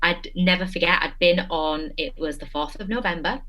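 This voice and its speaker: A young adult woman, a guest telling a personal story in casual chat, animated and emotional. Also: lowish voice, moderate pace.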